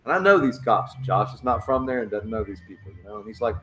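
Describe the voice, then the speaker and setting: A man's voice: on the low side, quick pace. A man hosting a casual talk show tells a story with lots of swearing. He acts out the people in it with big jumps in his voice. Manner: swearing, animated storyteller acting out dialogue. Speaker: podcast host.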